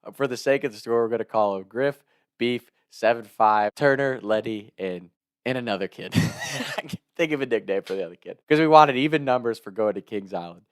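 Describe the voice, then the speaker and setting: A man in his twenties telling a story in a casual, chatty way, laughing between lines and doing loud voices for his friends. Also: medium pitch, brisk, clean tone, dry recording, studio quality.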